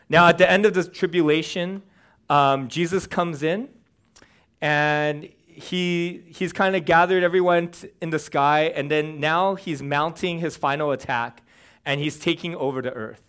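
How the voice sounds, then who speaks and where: A young man giving a casual, conversational sermon, animated and humorous, with fillers. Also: fairly high pitch, measured pace, smooth. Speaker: preacher.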